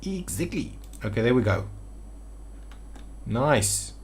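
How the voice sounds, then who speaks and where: A man's voice: mid-range voice, expressive, a little slow, a little hiss or hum. A man giving gameplay commentary on a city-building game, thinking aloud with hesitant restarts as he builds. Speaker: city-builder video creator.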